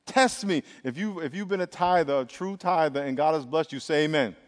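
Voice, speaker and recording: High-voiced pastor preaching in a hall. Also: male voice, fast talker. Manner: lively, emphatic preaching with call-and-response. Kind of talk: sermon. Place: church sanctuary. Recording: long reverb of a large hall.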